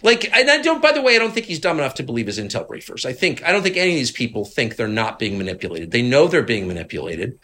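A middle-aged man from Washington, D.C. talks in a conversational interview, telling stories with indignant emphasis. His pitch swings widely, his tone is bright and forceful, and his voice has a husky edge. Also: quick pace, few pauses. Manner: animated, indignant, emphatic storytelling. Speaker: interviewed guest, political commentator.

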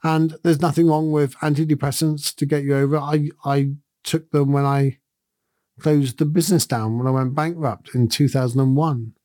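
A man's voice: on the high side, level tone, moderate pace, mellow, no echo, clean studio sound. A middle-aged man, a podcast host, giving a thoughtful and earnest reflective monologue in a conversational way.

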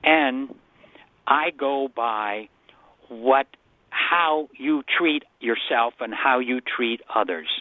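A man's voice: mid-range voice, no room sound. A man as a guest scholar on a call-in radio show, explaining scripture earnestly and often restarting his sentences. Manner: earnest, explanatory, repeats himself. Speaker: guest Bible scholar answering callers. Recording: dry phone-line sound.

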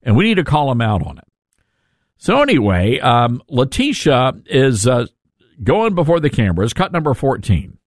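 A man's voice: mid-range voice, sing-song, moderate pace, dry recording, studio quality. A man hosting a talk radio show, joking and self-mocking as he talks. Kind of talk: casual talk radio monologue.

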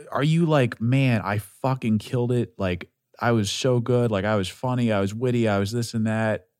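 Man, solo podcast host, profane and self-deprecating rambler, very lively pitch, mid-range voice, dry close sound. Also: dry recording. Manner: animated, swings between loud outbursts and mumbling.

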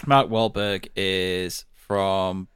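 A man co-hosting a casual podcast chat, speaking in a measured way and trailing off softly at the ends of sentences. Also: low voice, little pitch movement. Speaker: podcast co-host.

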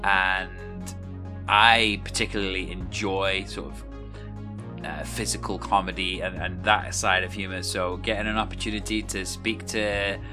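A man's voice: sits low, flat delivery, measured pace, music in the background. A man hosting a podcast, talking casually with many hesitations and laughing along with his guest. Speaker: podcast host. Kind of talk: casual interview chat.

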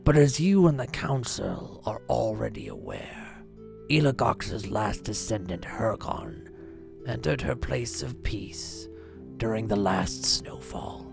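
An old withered goblin speaks slowly in a dry, croaky, gravelly voice, as a woman narrator puts him on. His pitch dips and rises widely, and he stays composed and formal. Soft music plays underneath. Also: very animated, heavily acted.

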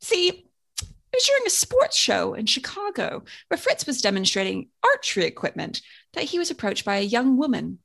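A woman's voice: sits high, very animated, moderate pace, creaky, a bit bright. A woman co-hosting a podcast, telling a story with wry, dry asides. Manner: wry, dry jokes, reads out the story details. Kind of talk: casual chat with storytelling narration.

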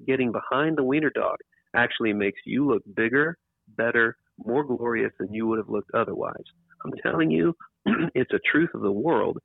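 Speaking with a medium pitch, vocal fry and a breathy edge, an author talks about his book as a casual interview guest. His rambling speech features restarts and repeated words for emphasis, and his computer microphone gives a dry, tinny, phone-like sound.

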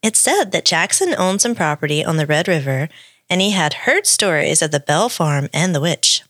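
A woman's voice: low-pitched, very animated, moderate pace, a bit bright, dry recording, clean studio sound. A woman co-hosting a podcast, reading a story aloud with playful asides. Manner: reads the script with playful asides. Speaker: podcast co-host.

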